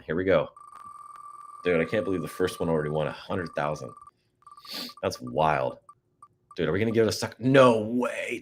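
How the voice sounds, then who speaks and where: A man's voice: deep voice, fairly quick, pauses often, slight background noise. A man casually hosting a live-stream prize giveaway, goofy and chatty, reading out codes and talking to viewers.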